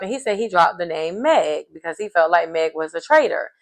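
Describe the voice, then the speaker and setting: A woman talks through a reality show episode in a loose, casual way. She is chatty and opinionated, tossing in playful asides and quick verdicts about the players. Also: fairly low pitch, lively intonation. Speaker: reality TV recap vlogger.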